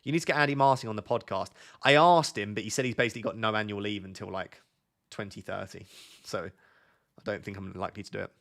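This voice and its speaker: A man's voice: lowish voice, fairly even intonation, fast talker, vocal fry, fairly bright tone. A man chatting casually on a live stream, waffling and joking as he answers questions from viewers.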